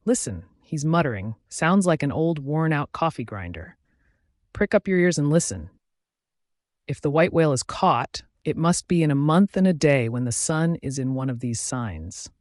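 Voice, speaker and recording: A man's voice: a little high, dry recording, clean studio sound. A man voicing a wry, superstitious ship's mate in an audiobook, musing in chatty asides.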